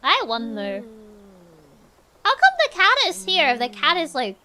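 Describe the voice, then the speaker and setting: A woman's voice: high-pitched, wildly swooping pitch, unhurried, sharp tone, a little hiss or hum. A woman streamer giving casual let's-play commentary, chatty and thinking aloud.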